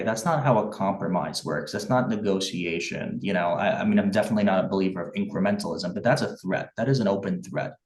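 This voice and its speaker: A man's voice: low voice, fast, few pauses, a little mellow, roomy sound, distant mic, rough recording. A man running for office, answering interview questions earnestly and passionately, with frequent restarts and fillers. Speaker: write-in congressional candidate.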